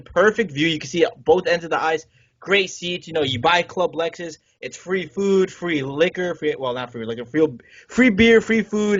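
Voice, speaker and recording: A man with a higher-than-usual, husky voice tells a podcast story with animated indignation. The sound is dry and slightly dull, like a close home podcast mic. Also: no echo. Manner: animated, indignant retelling with swearing. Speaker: podcast co-host.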